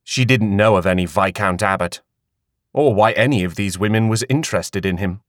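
This is scripted audiobook narration from a man whose voice runs on the low side, delivered at normal speed with expressive storytelling flair. The recording is dry, with clean studio sound.

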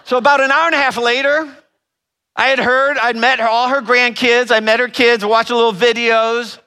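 A man from Northern Ohio, a relationship educator, giving a talk and telling an animated story with asides to the audience. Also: extremely high pitch, normal speed.

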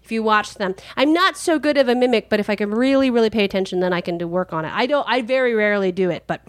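A woman hosting a casual interview, a voice artist herself, eager and quick to agree. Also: medium pitch, no room sound. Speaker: host, voice artist.

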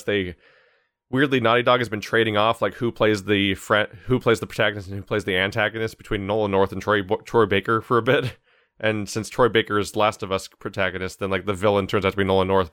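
A man's voice: fairly low pitch, little pitch movement, quick pace, fairly bright tone, dry recording, clean studio sound. A young man talking casually on a podcast, often stumbling and restarting his sentences.

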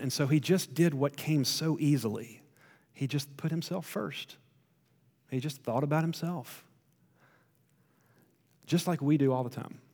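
A man preaching a sermon, retelling a story with emphatic rises and quiet drops. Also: a little high, big-room sound. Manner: storytelling, rising to emphatic then dropping to quiet.

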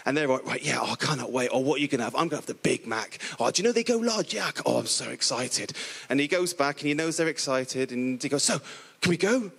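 A middle-aged man from the area preaching a lively, playful sermon, acting out the characters in the stories he tells. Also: medium pitch, fast talker, vocal fry, few pauses, breathy edge. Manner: playful, animated storytelling with voiced characters.

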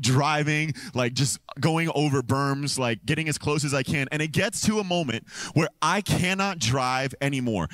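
A man preaching a sermon into a microphone, telling a story with lively swings between low, deadpan lines and excited high exclamations. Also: no echo. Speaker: pastor. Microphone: handheld or stand microphone.

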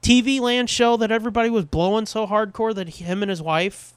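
A man co-hosting a podcast, chatting casually with lots of swearing and quick voice impressions. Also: sits high, smooth, no echo. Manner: animated, swears a lot, mimics voices. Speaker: podcast co-host. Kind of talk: casual profane chat.

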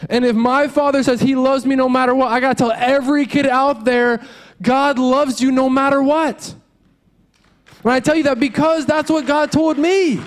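High-voiced, fast-slow earnest male pastor. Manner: earnest, conversational, swings between fast asides and slow emphatic lines. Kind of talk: sermon.

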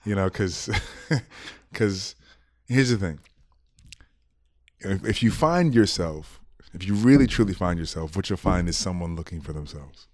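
A man with a fairly low voice chats as a podcast guest. He muses out loud, laughs often, and restarts his sentences as he thinks. His tone is relaxed and conversational. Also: unhurried. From United States. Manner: laughing, reflective, repeats words while thinking. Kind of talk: casual conversation.

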